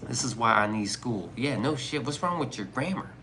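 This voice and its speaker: A man's voice: mid-range voice, lively intonation, normal speed, noisy background. A man streaming live, chatting casually with his viewers in joking, profane, rambling banter. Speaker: livestreamer reading chat. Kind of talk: casual livestream chat.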